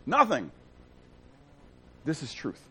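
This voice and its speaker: Animated preaching man, fairly high voice. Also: slow, breathy edge. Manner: conversational preaching with rhetorical questions; swings from hushed to loud and excited. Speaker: pastor. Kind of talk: sermon.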